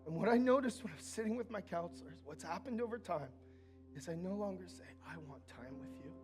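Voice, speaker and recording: A man preaching a sermon in a church, earnest and personal, dropping from loud lines to quiet, intimate asides. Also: high voice, expressive, fast talker, over music. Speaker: pastor.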